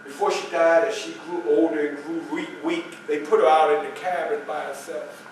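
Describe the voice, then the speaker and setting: A man performing a first-person living-history monologue as a famous former slave, telling his life story to an audience, with loud excited quotes and quiet, grieving passages. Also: fairly high pitch, moderate pace, slight background noise, lightly acted. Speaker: historical reenactor. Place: public library hall. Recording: distant voice in an echoey hall.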